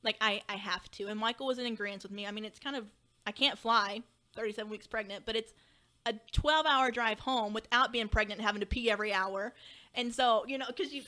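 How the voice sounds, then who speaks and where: A young woman from Kentucky, a teacher and podcast guest, telling a personal story in animated conversation and acting out past dialogue. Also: fairly high pitch, fast talker.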